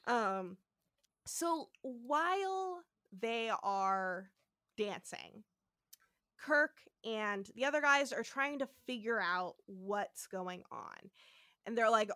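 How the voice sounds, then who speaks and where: A woman co-hosting a podcast in casual chat, recapping an episode with profane, animated retellings and acted-out quotes. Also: fairly high pitch, extremely slow, no room sound, studio quality. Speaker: podcast co-host.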